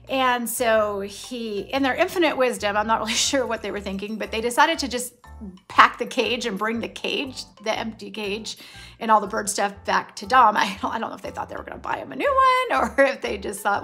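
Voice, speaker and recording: A woman's voice: a little high, fairly quick, a bit bright, soft background music. A middle-aged woman vlogger telling a long personal story in a chatty, rambling way, full of restarts and side remarks. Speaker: nail polish vlogger. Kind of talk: casual storytelling.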